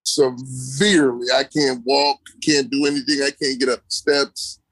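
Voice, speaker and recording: A man's voice: mid-range voice, little pitch movement, normal speed, a bit bright, no echo. A man telling his own story in an interview, casual and colloquial, repeating key phrases for emphasis. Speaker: interview guest. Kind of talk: personal storytelling in conversation.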